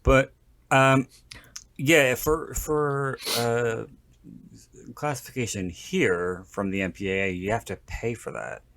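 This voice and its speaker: Speaking slowly at a medium pitch, a man hosts a podcast with a fairly bright tone on a dry recording. He rambles and cracks jokes, often stopping mid-thought to start over.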